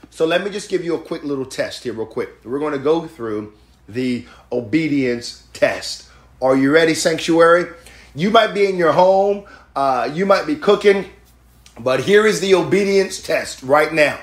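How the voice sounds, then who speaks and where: A man preaching a lively, conversational sermon to his congregation, joking as he goes. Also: a little high, normal speed, reverberant. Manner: animated, conversational preaching with jokes. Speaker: pastor. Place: church sanctuary.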